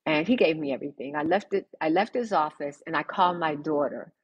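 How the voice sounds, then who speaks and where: An older woman, a podcast guest, telling her story in an animated, emphatic way and acting out the dialogue. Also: sits low, a little fast, breathy edge, muffled recording. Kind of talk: conversational storytelling.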